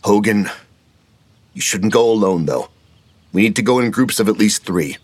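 A tense, flustered scout leader, exasperated and pleading as he tries to rein everyone in, as a man reads him. His voice is low and husky, recorded dry and close. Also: lively intonation, normal speed, no echo. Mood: anxious exasperated. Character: flustered, anxious adult male scout leader.

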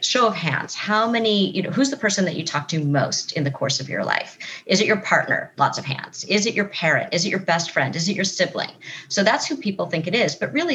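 A woman with a low, dusky voice speaks as a therapist in an interview. She explains her ideas in an earnest, unhurried way and now and then slips into voicing the people in her stories. A faint hiss sits under her voice. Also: a bit bright. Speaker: psychotherapist guest. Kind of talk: conversational interview.

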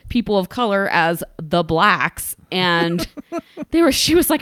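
Animated woman co-hosting a podcast. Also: lowish voice, measured pace, dry recording, studio quality. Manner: animated, laughs often, sarcastic asides. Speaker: podcast co-host. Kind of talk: casual chat.

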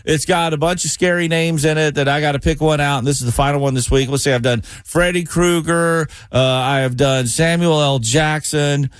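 A man's voice: a little high, fairly even intonation, normal speed, few pauses, smooth, dry recording. A man hosting a morning radio show, casual and self-mocking as he runs a giveaway.

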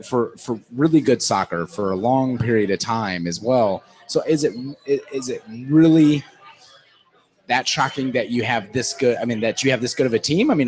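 A man's voice: medium pitch, darkish tone, rough recording. A man co-hosting a casual soccer talk show, joking, rambling and laughing often. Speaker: podcast co-host. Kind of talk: casual chat.

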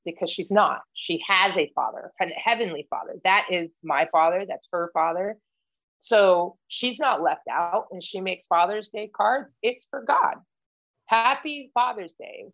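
Earnest woman with a lowish voice. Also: measured pace, a bit bright, highs cut off. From United States. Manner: candid, earnest, many fillers and restarts. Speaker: podcast guest, Marine veteran. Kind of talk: casual interview conversation.

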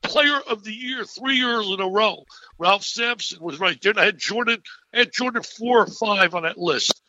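Excitable man in his eighties. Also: high voice, normal speed, no room sound, dull audio. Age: 80s. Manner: excitable, animated storyteller with frequent laughs. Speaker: guest. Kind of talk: enthusiastic storytelling interview.

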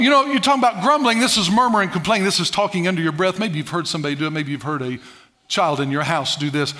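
Man preaching, very high voice, swings from loud bursts to muttered asides, has the congregation repeat after him. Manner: preaches with call-and-response to the congregation. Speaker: pastor. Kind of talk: sermon.

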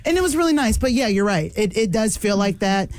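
A woman's voice: mid-range voice, animated, a little fast, a little mellow, no echo. A woman producer talking casually on a podcast and laughing often between sentences.

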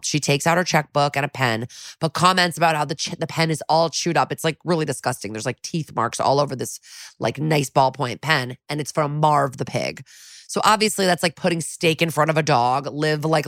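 A woman's voice: low-pitched, lively intonation, normal speed, a bit bright, no echo, clean studio sound. A woman co-hosting a podcast, casually recapping an episode and quoting the characters in passing. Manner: chatty, quotes characters in a few put-on voices. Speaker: podcast co-host.

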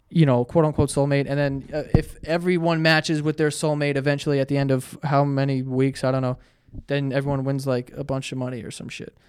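Young guy ranting on his podcast, cursing a lot, bit high voice, does mocking voices. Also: clean tone. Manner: profane, exasperated, mocks people in put-on voices. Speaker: podcast host. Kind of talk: solo comedic podcast rant with ad read.

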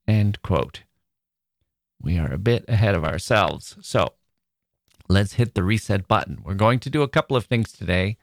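A man's voice: on the low side, expressive, normal speed, gravelly, dry recording, studio quality. A man hosting a conversational literature podcast, telling stories wryly with digressive asides. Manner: wry, digressive storytelling with asides. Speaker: podcast host.

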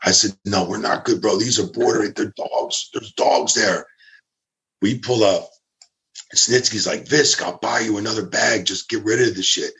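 A man's voice: on the low side, moderate pace, creaky, fairly bright tone. A man casually telling a long story, acting out quotes of the people in it, swearing and laughing as he goes. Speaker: storyteller guest.

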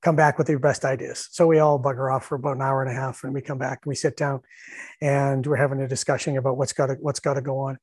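A middle-aged man and former hockey coach telling stories in casual chat, animated, laughing often and acting out what people said. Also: mid-range voice, fast, breathy edge, no room sound. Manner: animated storyteller, laughs often, acts out shouted bench calls.

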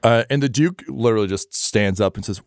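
A man narrating a tabletop game as game master in a relaxed way, laughing often and using lots of fillers. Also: lowish voice, fairly quick, dry recording, studio quality.

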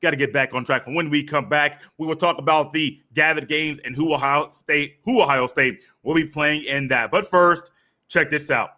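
Man, young adult, sports podcast host, casual storytelling, animated delivery, bright tone. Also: normal speed. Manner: animated, acts out voices, swings pitch and pace.

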